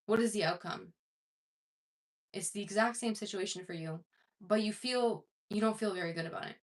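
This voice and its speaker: Talking to camera at a moderate pace, this coach has a mid-range voice and an easygoing, wandering style. She speaks to her self-improvement audience with frequent filler words and restarted sentences.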